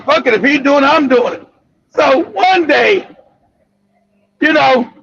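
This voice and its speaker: A man with a very high, gravelly voice tells a profane story loudly and casually, often breaking into laughs. The recording sounds dull and lo-fi with faint noise behind. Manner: loud, laughing, profane, animated. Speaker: streamer telling a story.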